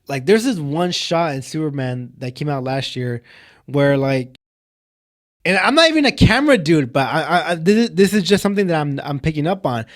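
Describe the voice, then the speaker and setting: A man's voice: on the high side, expressive, normal speed. A young man co-hosting a podcast, reviewing a film in casual chat, rambling with lots of filler words and getting heated. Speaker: podcast co-host.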